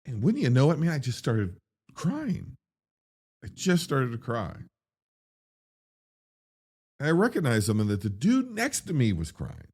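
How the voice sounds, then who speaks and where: A man hosting a film reaction, talking in an excitable, rambling way, swearing freely and getting animated when worked up. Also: measured pace, long pauses, breathy edge. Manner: excitable and rambling, with profanity and big pitch swings when worked up. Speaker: movie reviewer host.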